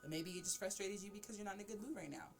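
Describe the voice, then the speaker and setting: A woman hosting a casual chat, animated and laughing as she acts out everyday examples. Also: medium pitch, racing, vocal fry, music in the background. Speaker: host.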